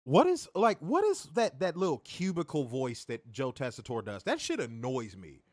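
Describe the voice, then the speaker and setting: A man's voice: mid-range voice, normal speed, no echo, clean studio sound. A man co-hosting a wrestling review show, talking in loose, profane banter and mimicking voices. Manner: animated, mimics voices, swears a lot. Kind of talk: casual profane podcast banter.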